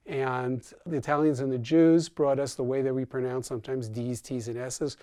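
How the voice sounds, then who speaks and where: New York professor explaining, dry sound. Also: male voice, mid-range voice, mellow, no room sound. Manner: explanatory, lecturing. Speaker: linguistics professor. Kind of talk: interview.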